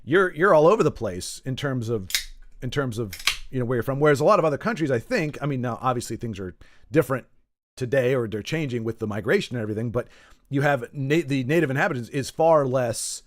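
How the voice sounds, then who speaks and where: In Texas, a man streams a video game and chats loosely with viewers, rambling, correcting himself, and tossing in jokes. His medium-pitched voice is expressive and fast, with slight background noise.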